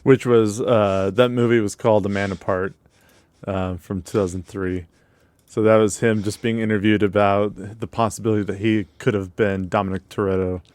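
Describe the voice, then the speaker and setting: A man co-host in a relaxed movie chat, speaking in a lower voice. He talks in an easygoing, slightly hesitant way. The sound is dry and close. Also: normal speed, smooth, no room sound. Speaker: podcast co-host. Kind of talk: casual chat.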